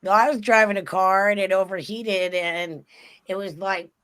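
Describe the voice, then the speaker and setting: A middle-aged woman from Southern California telling anecdotes in casual chat, expressive and quick to laugh. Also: mid-range voice, clear, resonant tone. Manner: expressive, laughing, acts out voices.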